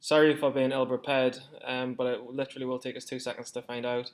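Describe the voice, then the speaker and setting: Young guy rambling about his trades, cusses a lot, mid-pitched everyday voice. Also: level tone, a little fast. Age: 20s. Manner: rambling, swears often, self-deprecating. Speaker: stock trading vlogger. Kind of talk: casual screen-share commentary.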